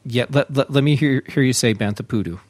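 A man hosts a daily tech podcast in a relaxed, conversational way. He chats easily and pauses often with small fillers, his voice mid-pitched and plain. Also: no echo. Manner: relaxed, chatty, frequent uh fillers. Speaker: podcast host. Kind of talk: casual tech podcast talk.

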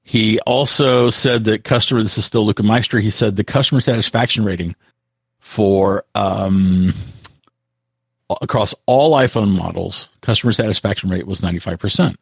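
A man co-hosting a casual tech podcast, talking in a halting way with frequent restarts. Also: on the low side, vocal fry, husky, no room sound. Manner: halting, full of restarts, reads out quotes. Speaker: podcast co-host.

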